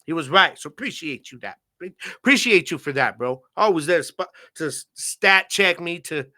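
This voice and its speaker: On his solo football podcast, a man speaks at a moderate pace in a fairly high, animated voice, pushed and bright. He sounds relaxed and casual, using plenty of slang and fillers like "man" and "you know".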